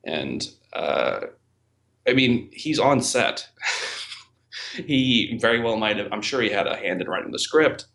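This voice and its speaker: Deep-voiced man musing with many fillers. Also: big pitch swings, unhurried, gravelly, pauses often, a bit bright. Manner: thoughtful, hesitant with many fillers. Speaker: podcast host and film reviewer. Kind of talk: casual podcast discussion.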